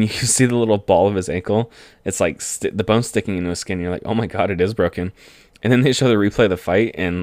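A young man riffs on the weekend's sports in a loose, rambling monologue. He gets excitable and laughs at his own jokes. His voice is low, and the recording is dry and close. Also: no echo. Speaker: vlogger. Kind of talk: casual sports commentary monologue.

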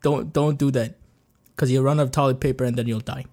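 A man's voice: mid-range voice, fairly even intonation, quick pace, dark tone. A man co-hosting a podcast, chatting casually and laughing often as he spins mock arguments. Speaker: podcast co-host. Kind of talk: casual joking chat.

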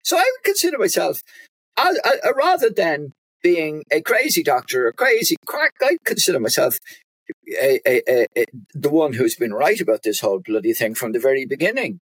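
Wry Irish man, husky and lively. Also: fairly high pitch, no room sound. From Ireland. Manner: wry, teasing, halting restarts. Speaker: guest, doctor. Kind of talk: casual chat.

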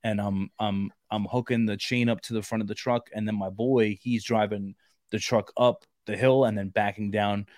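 A man on a podcast, telling a long story in casual chat, rambling and full of fillers, growing loud when he acts out shouting. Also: fairly low pitch, steady tone, moderate pace, no echo. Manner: rambling, repeats fillers like "like" and "bro". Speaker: podcast co-host.

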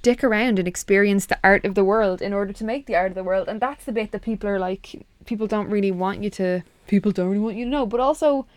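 Husky young woman host, rambling sweary chat, lively, very dry mic. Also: mid-range voice, fast talker, few pauses, no echo. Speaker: podcast host. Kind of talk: casual chat.

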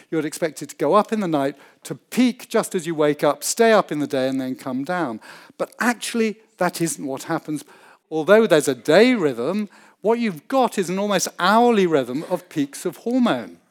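A man with a fairly high voice lectures on science to a live audience. He explains with open enthusiasm and slips into little acted voices when he tells an example. His delivery is lively and easy to follow. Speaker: researcher giving a talk.

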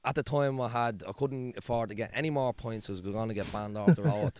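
A hoarse Irish man spins crude, swear-filled yarns in loose podcast chat. His voice sits at an ordinary middle pitch and sounds close and dry, with no room around it. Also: fast talker, darkish tone, no room sound. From Ireland. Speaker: podcast co-host. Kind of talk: casual chat.

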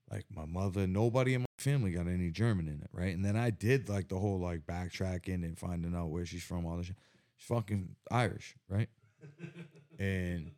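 Very low-voiced man, rambling and profane. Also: dark tone. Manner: rambling, profane, laughs often. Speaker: podcast co-host. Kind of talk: casual chat.

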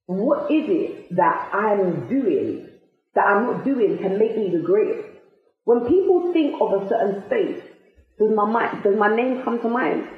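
A woman giving a motivational talk to her listeners, emphatic and full of rhetorical questions. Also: mid-range voice. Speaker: motivational speaker. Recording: very echoey, tinny phone-like sound.

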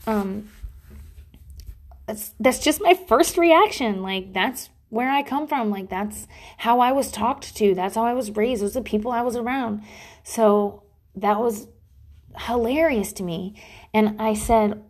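A woman's voice: fairly high pitch, unhurried. A woman, a mother, talking casually to her audience in a rambling, profane, self-mocking way from a bathroom at home. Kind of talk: casual solo monologue.

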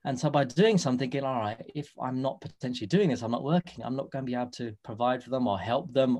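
A man in his thirties with a London accent speaks as a podcast guest. He tells his story earnestly, slipping into the voices of the people he quotes. His voice sits at an ordinary middle pitch. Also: a little mellow. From England. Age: 30s. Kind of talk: casual podcast interview.

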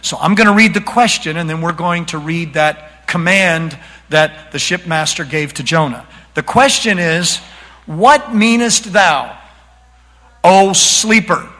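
A man preaching a sermon to a congregation, slowing down and building to dramatic shouts. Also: a little high, in a large hall. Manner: dramatic, slows and rises to shouting. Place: church sanctuary.

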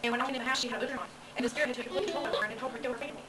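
A woman's voice: fairly high pitch, a loud crowd. A woman at a church Bible study earnestly sharing a personal testimony. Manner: earnest, emotional, rushed. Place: church room with a group. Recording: distant mic in noisy room.

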